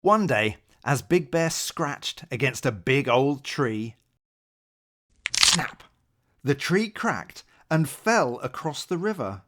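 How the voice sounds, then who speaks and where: A man reading a bedtime picture book aloud as narrator, in a slow, gentle storytelling way. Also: mid-range voice, sing-song.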